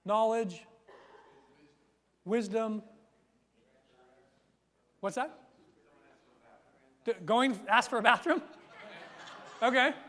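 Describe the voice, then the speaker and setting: A man coaching a live seminar audience, energetic, checking in with "right?" and acting out his stories loudly. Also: very high-pitched, extremely slow, long pauses. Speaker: workshop speaker and coach. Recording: long hall reverb.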